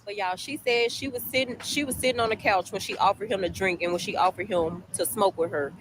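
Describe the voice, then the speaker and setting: A woman's voice: medium pitch, brisk, background noise. A woman casually telling a storytime to her viewers, chatty, repeating herself and addressing the audience often, recorded while on a break at work. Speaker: storytime vlogger.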